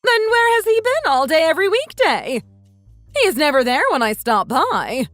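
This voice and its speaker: A woman's voice: on the high side, very animated, moderate pace, fairly bright tone, dry recording, faint music behind. A woman voicing a domineering mother-in-law in her sixties who scolds with contempt in a texting-story drama. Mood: shocked. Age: 60s.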